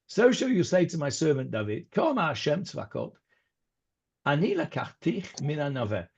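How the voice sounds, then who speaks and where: A man's voice: a little high, a little mellow, husky. A man teaching a Bible class as a rabbi, talking informally with many fillers and restarts and mixing in Hebrew verses. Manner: mixes in Hebrew words and verses. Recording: dull lo-fi recording.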